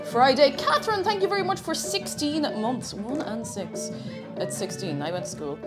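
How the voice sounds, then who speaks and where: A woman's voice: sits high, animated, moderate pace. A young woman chatting on a live cooking stream, bubbly and sing-song as she greets her chat from a home kitchen. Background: faint background music.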